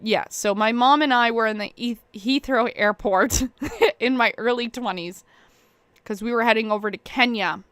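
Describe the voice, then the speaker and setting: A woman's voice: a little high, normal speed, a bit bright, clear, resonant tone, dry recording. A woman streaming a game and chatting casually, jumping between stories, laughing at herself, with lots of "like" and "um". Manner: rambling, jumps between stories, many fillers; laughs at her own stories.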